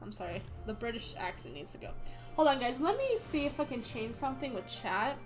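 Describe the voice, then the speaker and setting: Lively-voiced woman streaming a game. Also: on the high side, a little fast, faint music behind. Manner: chatty, reads game text aloud, talks to herself. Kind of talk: casual gameplay commentary.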